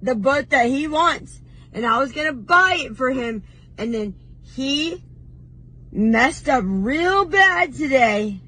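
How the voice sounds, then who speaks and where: Bright-voiced woman on a slow, brash rant. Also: high voice, animated, rough recording. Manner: brash, defiant and oversharing, with breathy laughs between lines. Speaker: vlogger. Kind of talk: comedic confessional rant.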